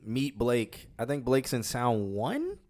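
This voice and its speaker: A man's voice: medium pitch, wildly swooping pitch, slow pace, a little mellow. A young man co-hosting a music review stream in casual chat, rambling and trailing off mid-sentence, laughing often. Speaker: co-host reviewing submitted music.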